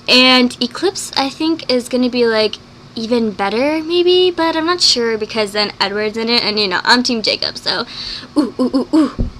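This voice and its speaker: A woman chatting in a casual vlog, talking fast and gushing, with plenty of "like" and acted-out quotes. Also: a little high. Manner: excitable, acts out quoted lines. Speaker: vlogger. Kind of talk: casual vlog chat reviewing a movie.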